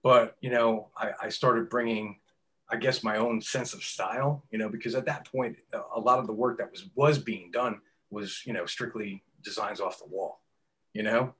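A middle-aged man, a tattoo artist telling stories in an interview, swearing often and acting out quotes loudly. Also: lowish voice, moderate pace. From New York. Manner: animated, profane storyteller who acts out quotes loudly. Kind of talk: casual storytelling interview.

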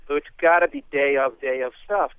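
A male comedian guest telling stories in a rapid, chatty way on a radio interview. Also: medium pitch, clean tone, dry recording. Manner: rapid, chatty anecdotal delivery. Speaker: comedian guest, former lawyer. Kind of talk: animated storytelling. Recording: tinny phone-like line.

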